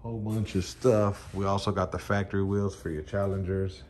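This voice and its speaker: A man's voice: sits low, little pitch movement, moderate pace, darkish tone. A man vlogging casually from his wheel shop, rambling and cursing with lots of fillers. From Puerto Rican heritage. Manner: laid-back, rambling, curses, many fillers like "you know". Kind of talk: casual vlog walkthrough.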